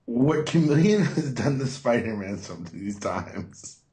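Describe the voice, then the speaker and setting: A man co-hosting a casual podcast about comic books, talking in a relaxed way. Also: medium pitch, measured pace. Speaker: podcast co-host. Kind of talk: casual comic book chat.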